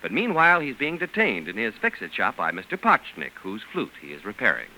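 A man's voice: lowish voice, huge pitch swings, brisk, pushed and bright, low-quality recording. Formal man announcing on old radio. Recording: hissy old radio broadcast with audience.

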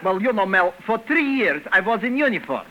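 A man's voice: high-pitched, big pitch swings, fairly quick, pushed and bright, highs cut off, full character voice. An actor playing a befuddled, mournful male piano teacher who speaks comic broken English and garbles names, in a 1940s radio comedy. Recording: hissy old radio broadcast recording.

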